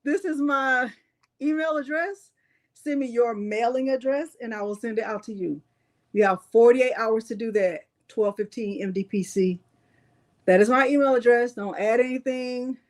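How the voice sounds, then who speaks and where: A woman's voice: on the high side, moderate pace. A middle-aged woman, hosting a live crafting tutorial in a chatty way and addressing viewers as y'all. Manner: chatty, warm toward viewers, says "y'all".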